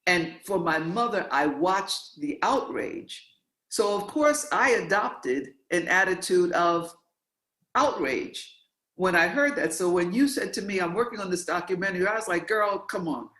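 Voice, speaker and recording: An interview host from New York tells stories in an animated, emphatic way and often repeats words for effect. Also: medium pitch, measured pace. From New York, USA. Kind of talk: interview, conversational. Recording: roomy, echoey sound.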